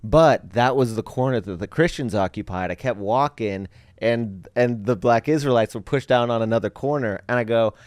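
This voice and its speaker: A man's voice: mid-range voice, moderate pace, hardly any pauses, a little mellow, no room sound, studio quality. A young man hosting a podcast, rambling through stories and laughing at his own jokes. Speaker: podcast host. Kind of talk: casual podcast chat.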